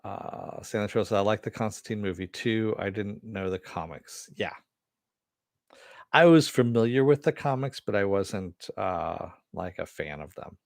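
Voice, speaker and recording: A man's voice: fairly low pitch, unhurried, gravelly, no echo, studio quality. An American man hosting a casual live stream, rambling and reading viewer comments aloud. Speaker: host.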